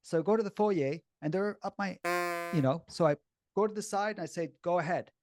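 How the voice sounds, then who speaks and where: A man with a high voice tells a personal story at a brisk pace, blunt, casual and animated, swearing freely. Recalling it leaves him sounding shaky and upset. There's slight background noise.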